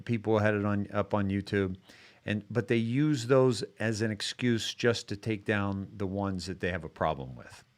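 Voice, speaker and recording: A man hosts a live-streamed talk show in an easygoing, chatty way. His voice sits a little low and comes across smooth and resonant. He rambles, stacking fillers and restarting his sentences as he greets viewers and guests. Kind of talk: casual chat.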